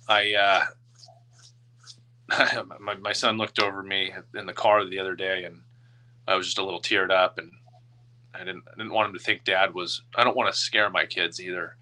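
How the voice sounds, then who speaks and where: Guest: man in his 30s, lowish and very bright voice, open and halting, emotional. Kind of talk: personal storytelling in an interview.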